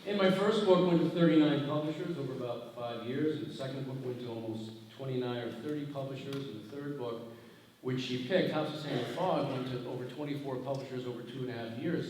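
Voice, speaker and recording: A middle-aged man, an author on a festival panel, telling animated, self-mocking stories with salty language and frequent laughter. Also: mid-range voice, a little fast. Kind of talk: anecdotal storytelling on stage. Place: large hall at a festival. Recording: echoey hall, far-off mic, noisy.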